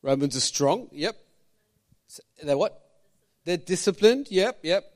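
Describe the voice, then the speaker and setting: A man preaching a sermon as pastor, animated, firing questions at the congregation with jokey asides. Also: high voice, a little slow.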